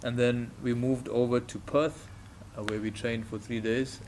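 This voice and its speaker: A man's voice: mid-range voice, unhurried, slight background noise. A man in his thirties with a South African accent, telling stories casually as a podcast guest, acting out quoted voices. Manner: animated, acts out quoted voices with laughter. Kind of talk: casual storytelling.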